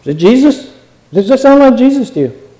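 A man's voice: very high voice, sing-song, brisk, mellow. A man preaching a sermon, earnest and exhortative, and often repeating his phrases. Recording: long hall reverb.

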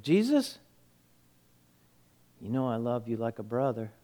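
A male preacher voicing a rough fisherman who protests his loyalty bluntly. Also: fairly high pitch, very animated, a little slow, fairly bright tone, long reverb tail, pitched below the performer's own voice. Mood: sheepish.

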